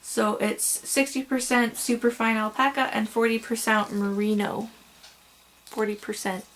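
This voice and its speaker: A young woman with a slightly high voice talks casually at home, gushing and rambling as she shows off her yarn. She sounds tired and is fighting the hiccups. A faint hum of room noise sits behind her. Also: flat delivery, unhurried, fairly bright tone. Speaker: crochet vlogger. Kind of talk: casual show-and-tell vlog.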